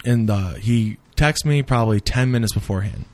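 A man telling a rambling story in casual chat, animated and full of swearing, acting out what people said. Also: fairly low pitch, fairly quick, no room sound. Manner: animated, swears a lot, acts out quotes.

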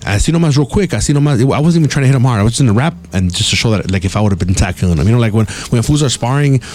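A man's voice: mid-range voice, animated, very fast, a little mellow. A man who hosts a podcast, telling a rambling, profane story in casual street talk. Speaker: podcast host.

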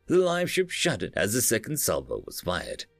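A man narrating a science fiction story in a measured audiobook style. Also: on the low side, wildly swooping pitch, a bit bright, faint music behind.

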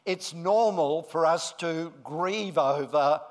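A middle-aged male pastor giving a friendly children's talk, then a deliberate sermon. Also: fairly high pitch.

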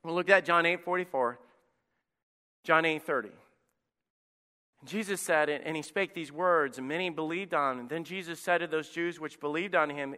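A male pastor preaching a passionate sermon, swinging from quiet to loud. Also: a little high, normal speed, long pauses. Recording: echoey church hall.

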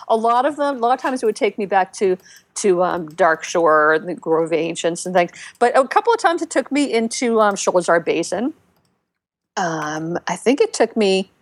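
A woman co-hosting a casual podcast, telling game stories with lots of fillers and restarts, and getting animated when she quotes other players. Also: mid-range voice, no room sound. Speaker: podcast co-host. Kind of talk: casual chat about a video game.

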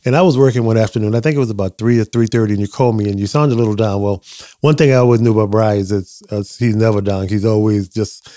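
An older man, the host's dentist father, appears as a podcast guest, casually and reflectively telling family stories and acting out remembered dialogue. His voice is fairly low and warm, with fairly even intonation and a quick pace, in a dry recording.

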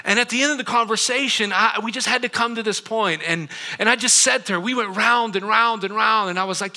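A middle-aged man preaching a sermon in a church auditorium, his voice high and very bright. He tells his story in an animated way and keeps turning to the congregation with asides. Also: a little fast, hardly any pauses. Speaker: pastor.

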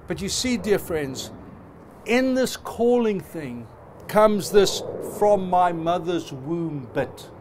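Male preacher, middle-aged, passionate, emphatic, slightly high voice, faint room hiss. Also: animated, slow pace, a little mellow. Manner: passionate, emphatic with rising repetitions. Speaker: pastor. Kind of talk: sermon.

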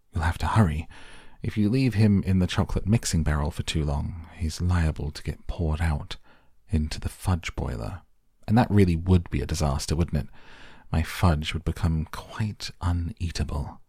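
A man's voice: deep voice, a little mellow, slightly rough, dry recording, studio quality. A man voicing a giggling, eccentric chocolate maker with an airy, soothing manner.

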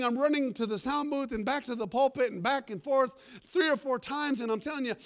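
A man pastor preaching a sermon, telling a comic story with animated delivery and sudden shouts. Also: very high voice.

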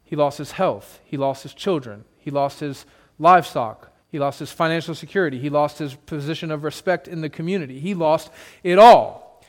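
A male pastor preaching a sermon to his church, shifting dramatically between loud emphasis and hushed, soft passages. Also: a little high, moderate pace, big-room sound. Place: church sanctuary with congregation.

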